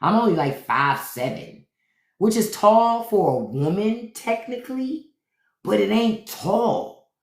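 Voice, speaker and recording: A deep-voiced woman hosting a podcast live stream delivers an unfiltered comedic storytelling monologue at a slow pace, her pitch swinging up and down a lot. She's profane and animated, acting out other people's voices, with a roomy echo around her.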